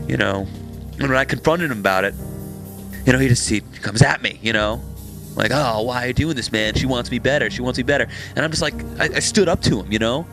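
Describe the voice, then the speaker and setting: A man playing a bitter, resentful ex-friend who talks haltingly with many fillers, with music clearly playing behind. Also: medium pitch, lightly acted.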